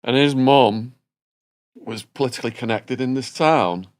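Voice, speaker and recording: A man's voice: medium pitch, measured pace. A man hosting a podcast, wryly filling in the backstory in casual chat. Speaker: podcast host.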